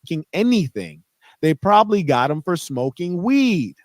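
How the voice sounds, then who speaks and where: Man, boastful monologue, condescending, lively swooping pitch, dry sound. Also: moderate pace, dry recording. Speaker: online personality in a clipped video.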